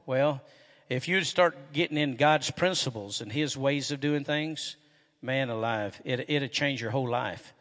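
A middle-aged man, a pastor preaching a sermon in a church and telling folksy stories, getting loud and animated when excited. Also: mid-range voice, measured pace. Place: church sanctuary. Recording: echoey hall with long reverb.

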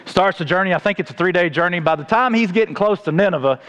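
A man preaching a sermon, telling the story with animated acted-out voices. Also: sits high, fast talker, muffled recording. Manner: animated storytelling, acts out voices of God and Jonah.

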